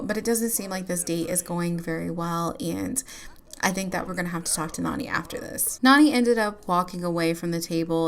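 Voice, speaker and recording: A woman's voice: lowish voice, a bit bright. A woman giving casual gameplay commentary as a YouTuber, chatty and giggly, with lots of filler words.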